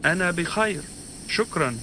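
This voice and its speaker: A played pronunciation clip of a woman's voice, low-pitched but bright, crisp and forward in tone. She rattles off short phrases very quickly in a clipped, model way. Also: lively intonation, slight background noise, poor audio.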